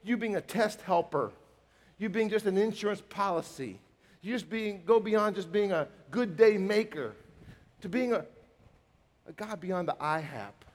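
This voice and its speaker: Pastor, male, high voice, emphatic sermon delivery, long hall echo. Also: a little slow. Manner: emphatic, animated, with mock dialogue. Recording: reverberant hall.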